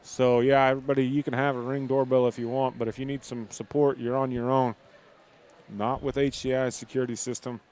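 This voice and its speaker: A man doing play-by-play for a high school basketball game, reading a sponsor spot and rising loud and quick on big plays. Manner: rises loud and excited on plays. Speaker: play-by-play announcer.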